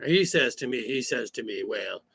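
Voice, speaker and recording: A man playing a rambling country cousin, telling a comic story in a slow, folksy way. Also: medium pitch, animated, vocal fry, a bit bright, breathy edge, no room sound, heavily acted. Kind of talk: comic character monologue.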